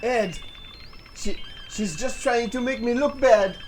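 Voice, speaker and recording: A man's voice: very high voice, slow, faint music behind, pitched above the performer's own voice. A man voicing an angry, defensive teenage girl from a visual novel, sputtering with indignation. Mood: pleading. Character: angry defensive teen girl club member. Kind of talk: voicing game dialogue.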